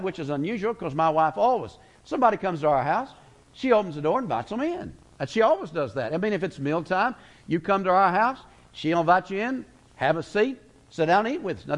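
A middle-aged man preaching a folksy, emphatic sermon as a guest preacher in a church. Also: high voice. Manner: folksy, emphatic, slows words for weight. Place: church sanctuary.

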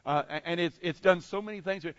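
A pastor preaching a sermon to his congregation, swinging between loud declarations and soft, intimate passages. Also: high-pitched, brisk, no room sound, highs cut off. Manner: impassioned preaching with dramatic swings in volume.

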